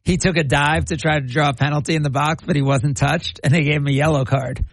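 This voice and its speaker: A man's voice: fairly high pitch, steady tone, quick pace, no room sound. A man hosting a sports podcast, chatting casually and reading out live match updates. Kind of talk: casual sports talk and commentary.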